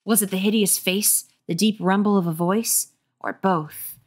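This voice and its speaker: A woman's voice: medium pitch, steady tone, a little slow. A woman reading a children's horror book aloud while a bit tipsy, dropping in wry joking asides. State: tipsy from drinking.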